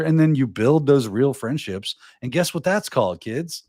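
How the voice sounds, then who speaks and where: Lively man hosting a casual chat. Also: medium pitch, normal speed, few pauses, no room sound, clean studio sound. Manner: animated, acts out little scenes in quoted voices. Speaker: podcast host.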